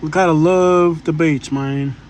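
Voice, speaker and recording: A man's voice: a little high, steady tone, unhurried, slight background noise. A man chatting casually to his live-stream viewers from a car on a beach road, rambling and joking.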